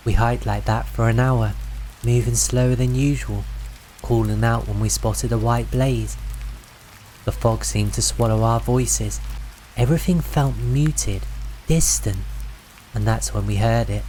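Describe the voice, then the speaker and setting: A man narrating a true wilderness horror story in a slow, suspenseful scripted delivery. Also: mid-range voice, dark tone, a little hiss or hum, rough recording. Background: faint rain sounds.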